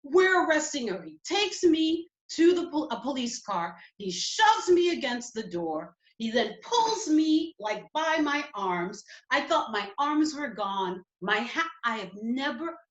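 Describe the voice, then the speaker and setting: A woman telling a personal story at a community event, emotional and halting. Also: sits high, big pitch swings, reverberant, muffled recording.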